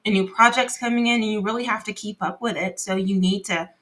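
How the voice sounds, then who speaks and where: A woman's voice: mid-range voice, fairly even intonation, fast talker, a bit bright. A woman chatting as a guest on a casual livestream, upbeat and chatty, laughing often. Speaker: guest, host's partner.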